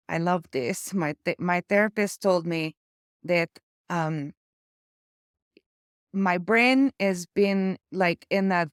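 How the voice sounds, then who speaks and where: A woman with an Eastern European accent, talking in a casual vlog, halting and searching for words with small stutters, living with aphasia after a stroke. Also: fairly low pitch, clear, resonant tone, no room sound, clean studio sound. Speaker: memoir vlogger.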